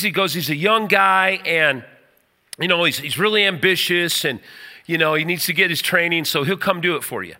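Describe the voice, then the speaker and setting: A middle-aged man preaching a sermon, telling a personal story with animated energy. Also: on the high side, long reverb tail. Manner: animated storyteller, rises to near shouting at the story's climax.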